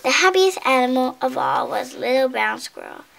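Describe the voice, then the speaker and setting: A woman reading a picture book aloud in an expressive way, correcting her slips and adding asides about the pictures. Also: sits high, moderate pace, creaky, hardly any pauses. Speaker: storybook reader.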